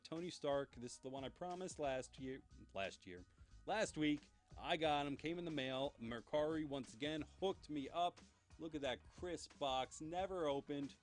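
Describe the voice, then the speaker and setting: A young man hosting his own pop culture news show, chatting in a rambling, enthusiastic way. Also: fairly high pitch. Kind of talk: casual solo show.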